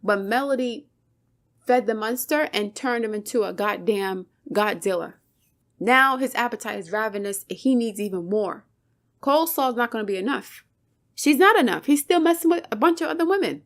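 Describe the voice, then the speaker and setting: A woman's voice: on the high side, lively intonation, moderate pace. Fired-up woman preaching commentary. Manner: emphatic, preachy, rhetorical questions, swears. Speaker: channel host, commentator. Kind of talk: impassioned commentary monologue.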